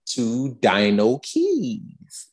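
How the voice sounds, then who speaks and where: A woman co-hosting a podcast, chatting casually with a deep, low voice that swings widely up and down. She tells stories emphatically, with plenty of exasperation. Her delivery stays animated throughout. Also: drawn-out words. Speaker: podcast co-host. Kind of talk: casual chat.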